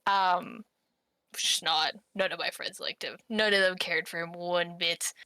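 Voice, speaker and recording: A woman's voice: fairly low pitch, steady tone, a little slow, pushed and bright, smooth, dry recording, clean studio sound. A woman co-hosting a podcast, telling a story in casual chat, giggling often as she reads out old messages. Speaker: podcast co-host.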